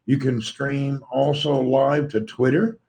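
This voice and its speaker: A man's voice: medium pitch, fairly even intonation, slow pace, darkish tone. Man, Southern US accent, tired slightly crackly voice, casual livestream chat, greeting viewers. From Tennessee, USA. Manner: friendly, greets viewers one by one. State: tired, voice a little crackly from poor sleep. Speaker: livestream host.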